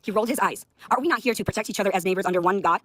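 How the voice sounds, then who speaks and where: An American woman in her thirties rants on a livestream, agitated, swearing, and hurling accusations. Her voice is medium in pitch, slightly bright, and racing, with no echo.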